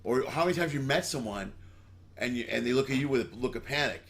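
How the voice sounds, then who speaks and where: A man hosting a casual podcast chat, quick to joke, swearing freely while he tells stories. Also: mid-range voice, lively intonation, a bit bright. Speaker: podcast host.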